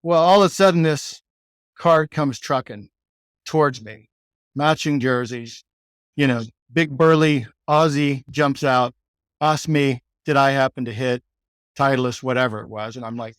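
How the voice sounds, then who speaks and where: Recorded in dry, studio-quality sound, a man from Texas speaks in a smooth, mid-range voice at a measured pace. He's a sales executive guesting on a podcast, rambling through a story in a casual interview and leaning heavily on "like" and "you know."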